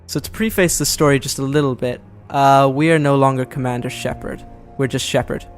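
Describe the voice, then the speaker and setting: A man's voice: medium pitch, steady tone, brisk, clean tone, faint music behind. A man giving casual, analytical commentary over game footage, talking loosely and correcting himself. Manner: chatty, analytical, self-correcting. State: out of breath. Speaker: gameplay commentator.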